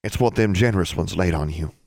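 A man's voice: sits low, quick pace, gravelly, darkish tone, no echo, clean studio sound. A man voicing a blunt, folksy country girl with an Ozark accent.

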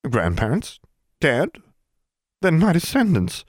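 A man voicing a proud old witch in a painted portrait, with a high, quavering voice that rises into wails. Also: wildly swooping pitch, slow pace, dry recording, clean studio sound, full character voice. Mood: pleading. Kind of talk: audiobook character voice.

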